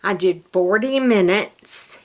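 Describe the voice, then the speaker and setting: A woman's voice: mid-range voice, slow pace, a little mellow. A middle-aged woman from central Alabama with a Southern accent, rambling folksily in a casual vlog chat and laughing often. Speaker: vlogger.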